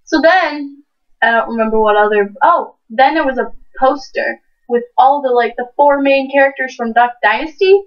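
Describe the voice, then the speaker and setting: A high-pitched teenage girl chats casually and tells a story, swearing freely and voicing the people in it. She sits some way from the microphone. The recording sounds dull and lo-fi. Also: normal speed. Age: teens. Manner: swears freely, animated retelling with voiced quotes. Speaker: co-host. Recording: distant, dull lo-fi home mic.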